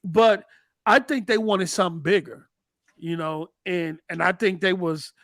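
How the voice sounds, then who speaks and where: A man hosting a gaming talk show. His voice sits high and close on a dry mic. He talks in animated bursts and repeats words as he builds each argument. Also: no echo. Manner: animated, rapid, repeats words when excited. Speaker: podcast host. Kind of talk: casual gaming chat.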